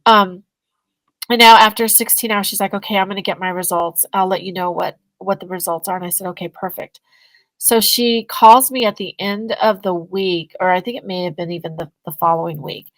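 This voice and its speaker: Woman telling a story on a podcast, animated, plays both sides of the convo, dry close sound. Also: medium pitch, fairly quick, dry recording, poor audio. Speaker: guest, energy healing business owner. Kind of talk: casual storytelling in a podcast interview.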